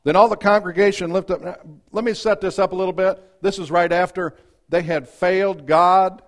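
A man preaching a sermon, reading scripture and acting out its voices, swinging from loud outbursts to hushed asides. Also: high voice, steady tone, normal speed.

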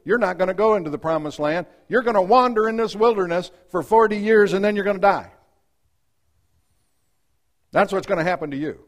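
A man with a high voice preaching a sermon. He reads scripture aloud and acts out the voices in it. He swings from loud, rising outbursts to quiet, hushed asides. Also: brisk, pauses often.

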